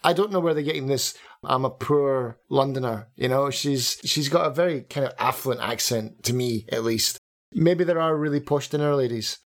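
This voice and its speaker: Guy on a podcast, mid-pitched, casually nitpicking a game. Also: a little fast. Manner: candid, picky opinions with laughs. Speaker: podcast co-host.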